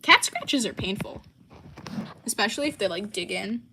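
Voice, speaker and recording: A woman's voice: mid-range voice, sing-song, moderate pace, bright, forceful tone, a little hiss or hum. A young American woman hosting a casual livestream and answering chat, with lots of ums and likes. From United States. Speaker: livestream host.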